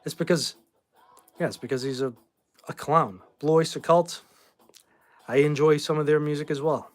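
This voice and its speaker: A little high and steady in tone, this man's voice moves at a normal speed. The host, in his forties and from Boston, chats casually on a livestream, rambling through viewer questions with an offhand manner and blunt views.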